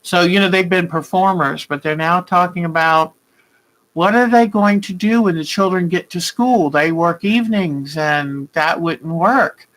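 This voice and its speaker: A woman's voice: fairly low pitch, measured pace, low-quality recording. An older woman hosting a quilting video, chatting casually with viewers and greeting them by name. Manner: chatty and warm-hearted, greets viewers by name, rambling asides. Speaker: quilting vlog host. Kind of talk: casual live chat with viewers.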